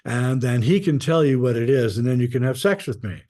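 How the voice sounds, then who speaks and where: Pushy lovesick angel guy, a man doing him, dark mellow voice, begs fast. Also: mid-range voice, lively intonation, close to an everyday voice. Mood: insistent. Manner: insistent, pleading. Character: lustful pushy male ancient angel.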